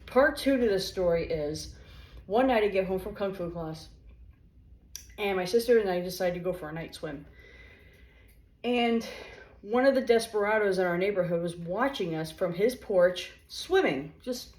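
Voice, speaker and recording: A woman casually telling funny stories as a vlogger in her home kitchen, animated and chatty, talking while she eats. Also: medium pitch, normal speed. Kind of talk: casual storytelling. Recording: echoey room.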